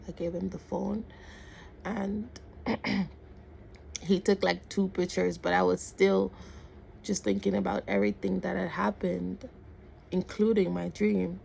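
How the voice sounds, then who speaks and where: Woman with a very gravelly voice. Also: lowish voice, measured pace, a little hiss or hum. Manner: animated retelling with quoted dialogue and repeated words. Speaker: vlogger. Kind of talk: casual storytime.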